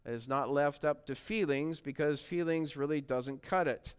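Earnest male preacher, slightly raised pitch, clear resonant tone, builds to emphatic exclamations. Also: moderate pace. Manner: earnest, rises to emphatic exclamations when reading scripture. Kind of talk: sermon.

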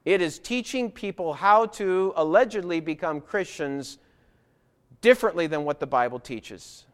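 A man delivers a sermon from a church pulpit, his voice sitting a little on the high side. He is earnest and emphatic, driving his points home by repeating them. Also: animated, normal speed. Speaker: preacher. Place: church with baptistry.

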